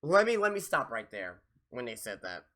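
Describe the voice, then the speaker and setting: A young man hosting a live wrestling review, ranting in a profane, exasperated way with sudden loud outbursts. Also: medium pitch, very animated, moderate pace. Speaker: podcast host reviewing wrestling.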